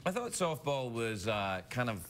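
A man's voice: mid-range voice, very animated, normal speed. A male talk show host doing a playful late-night comedy bit, laughing through his lines with goofy asides. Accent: Scottish. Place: TV studio with live audience. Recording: loud studio audience noise.

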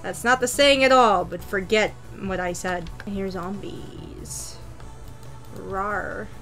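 A woman's voice: medium pitch, a little slow, fairly bright tone, faint music behind. A young woman giving casual, playful commentary while playing a video game, talking to herself with jokey taunts and sudden squeals. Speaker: gaming YouTuber.

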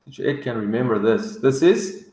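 A man teaching English words to young children, drilling each word slowly with excited gasps. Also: mid-range voice, reverberant. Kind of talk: vocabulary lesson for kids.

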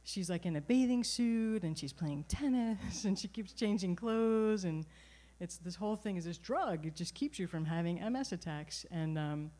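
A middle-aged woman telling a personal story at a live storytelling event, conversational and animated, with frequent restarts. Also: fairly low pitch, normal speed, few pauses. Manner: conversational, animated, self-correcting.

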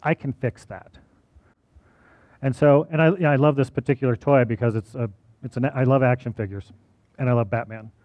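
A man's voice: mid-range voice, moderate pace, pauses often, a little mellow, no room sound. A male college teacher giving a personal talk to an audience, conversational and often checking in with "right?".

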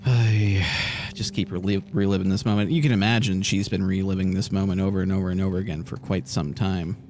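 A man's voice: deep voice, steady tone, brisk, darkish tone. A man giving emotional, sweary let's-play commentary while playing a story game. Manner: emotional, swearing, laughing reactions. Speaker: gaming video host.

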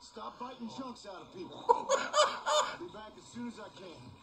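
An actor playing a weary frontier gunman and father, with a dry, deadpan, straight-man delivery. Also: very high voice, normal speed, gravelly, exaggerated voice. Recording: loud game background noise.

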